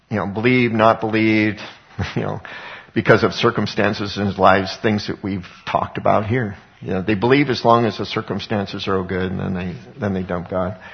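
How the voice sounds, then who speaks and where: A man's voice: mid-range voice, vocal fry, lo-fi sound. A man preaching a conversational sermon, retelling a parable with frequent restarts and asides. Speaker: pastor.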